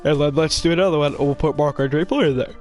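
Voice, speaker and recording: Fast-rambling young male live streamer. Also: fairly high pitch, a little mellow, faint music behind. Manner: rambling, quick, with fillers and restarts. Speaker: podcast host live streaming. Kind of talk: casual live-stream chat while playing a hockey video game.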